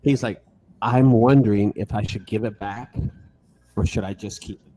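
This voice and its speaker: A man's voice: fairly low pitch, normal speed, warm tone, a little hiss or hum. A man hosting a casual chat, joking and telling a story with animation. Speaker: host. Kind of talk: casual video call chat.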